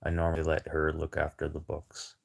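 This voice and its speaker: A man's voice: rumbling low, monotone, a little fast, gravelly. A man livestreaming a casual, rambling chat with viewers over a phone, talking in a blunt, profane way.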